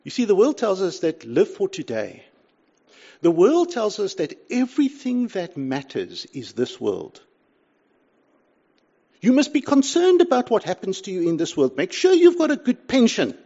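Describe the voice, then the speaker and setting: An older man preaching with a high, lively, gravelly voice, lifting to loud pleas and dropping to a hush. His tone is husky, and the recording sounds dull and lo-fi. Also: normal speed. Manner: impassioned preaching with wide swings from loud to hushed. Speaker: pastor. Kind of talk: sermon.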